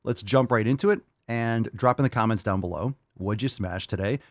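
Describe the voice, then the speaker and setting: A man's voice: lowish voice, brisk, no echo, studio quality. A man hosting a casual podcast, joking crudely and talking with hype. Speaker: podcast host.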